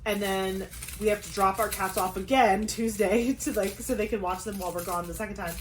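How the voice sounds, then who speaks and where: A young woman chatting casually on her craft vlog, talking fast with lots of "like" and quick asides. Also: mid-range voice, steady tone. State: pregnant. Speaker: craft vlogger. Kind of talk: casual chat.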